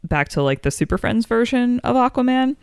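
A woman co-hosting a podcast, chatting casually and enthusiastically, quick to laugh. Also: a little high, lively intonation, vocal fry, a little mellow, smooth, dry recording, studio quality. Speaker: podcast co-host. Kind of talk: casual chat.

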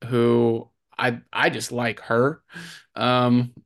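A man's voice: mid-range voice, little pitch movement, drawn-out words, creaky. A man co-hosting a movie podcast, chatting casually and rambling with lots of fillers and restarts. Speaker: podcast co-host.

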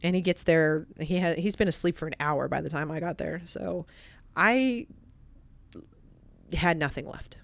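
Her voice low and touched with vocal fry, a woman guesting on a podcast tells a moving personal story, alternating between animated and hushed, reflective passages. She keeps a measured pace with frequent pauses, and there's no echo.

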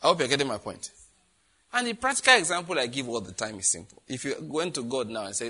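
Bright-voiced man preaching. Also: medium pitch, expressive, fast. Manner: reads scripture aloud, asks the congregation questions. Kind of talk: sermon.

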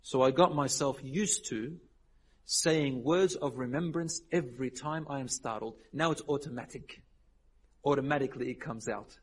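A man preaching a sermon, telling stories with lively voiced dialogue and dropping Arabic religious phrases. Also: mid-range voice, moderate pace, slight background noise. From Lebanon. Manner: animated storytelling, acting out quoted people. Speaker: Islamic preacher.

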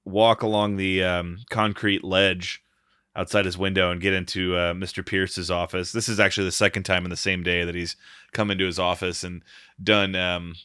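An Australian man with a lowish, bright and forceful voice, clear and smooth, recapping a film with dry wit in a casual podcast chat. The sound is close and dry. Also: flat delivery, normal speed, no room sound. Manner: recaps plot with wry jokes. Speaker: podcast co-host.

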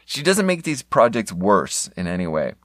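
A young man from Europe rants on his podcast in a low, rambling voice. He swears freely and sounds sarcastic. The recording is dry and close, with no room sound. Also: huge pitch swings, normal speed, fairly bright tone, no room sound. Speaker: podcast host. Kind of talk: unscripted podcast rant.

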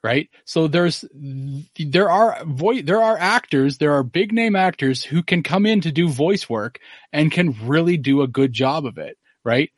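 A man's voice: fairly high pitch, lively intonation, unhurried, dry recording, clean studio sound. A man hosting a podcast in casual chat, rambling and opinionated. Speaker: podcast host.

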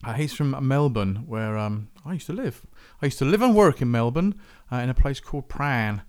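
Rambling chatty podcast host. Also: male voice, mid-range voice, lively intonation, a little fast, darkish tone, clear, resonant tone. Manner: rambling, chatty, self-interrupting. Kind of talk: casual music podcast chat.

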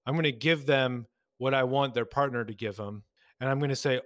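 A man, a couples therapist, explaining his approach in a relaxed conversation and acting out exchanges with clients. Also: medium pitch, brisk, no echo, studio quality. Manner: explains with acted-out client dialogue. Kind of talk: podcast conversation.

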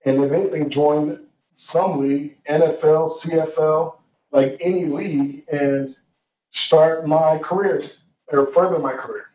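A young guest tells his personal story in an earnest, reflective way, his voice on the high side with fairly even intonation at a measured pace. Fillers and restarts pile up, and the sound is roomy, distant and dull with faint noise.

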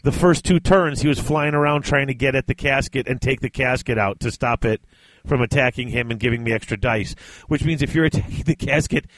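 Podcast co-host, man, excitable and laughing, dry mic, medium pitch. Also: fairly quick, no echo. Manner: animated, laughs often, many restarts. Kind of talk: casual chat about tabletop wargaming.

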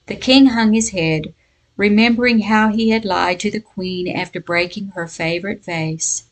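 A woman giving a devotional Bible lesson and reading a folk tale aloud in a measured storytelling voice. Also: mid-range voice. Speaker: Bible teacher.

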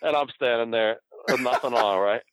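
A man's voice: medium pitch, normal speed, noisy background. A man, a former wrestler, telling a story in casual talk, laughing often and swearing freely. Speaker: former pro wrestler, guest.

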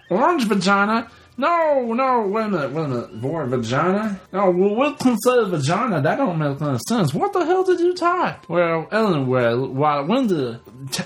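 A man's voice: high-pitched, fairly bright tone. A man hosting a comedy podcast, talking in a silly put-on voice he keeps dropping, with frequent swearing. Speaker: podcast host.

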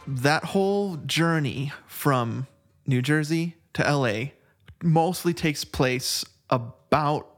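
A man's voice: a little high, takes it slowly, faint music behind. A middle-aged man co-hosting a casual film chat, chatty, laughing often and trailing off into restarts. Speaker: podcast co-host.

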